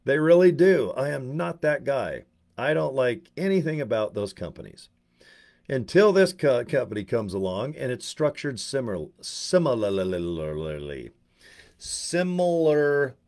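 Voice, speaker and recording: A man's voice: medium pitch, expressive, normal speed, creaky, a little mellow. A man giving a casual, rambling, blunt monologue to camera as an online business promoter.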